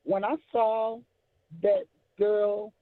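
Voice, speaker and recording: A woman's voice: medium pitch, level tone, drawn-out words. A woman in her forties calling in to a talk show and speaking earnestly and emphatically. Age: 40s. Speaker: caller. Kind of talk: call-in comment. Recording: tinny phone line.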